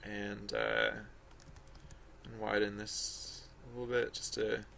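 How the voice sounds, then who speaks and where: Man, live-stream artist, casual rambling chat, self-mocking, laughs a lot, fry in the voice. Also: on the low side, very animated, slow pace, pushed and bright, a little hiss or hum.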